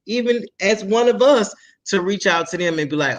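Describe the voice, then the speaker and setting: A man's voice: fairly high pitch, brisk, hardly any pauses. A man talking as a guest in a casual interview, emphatic and profane. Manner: emphatic, profane, slips into animated impressions. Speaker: guest artist.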